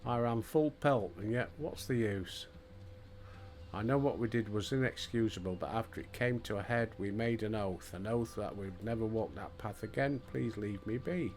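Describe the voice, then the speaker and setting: A man's voice: on the low side, moderate pace, a little mellow, natural voice. Older Yorkshire man reading a frightened fugitive. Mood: fearful, pleading. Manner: reading game dialogue aloud in his own voice. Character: frightened male ex-convict on the run, pleading.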